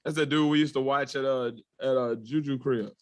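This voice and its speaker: A man's voice: medium pitch, steady tone, a little fast, slight background noise. A tired man co-hosting a podcast in casual chat, loose and joking, laughing often and swearing freely. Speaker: podcast co-host.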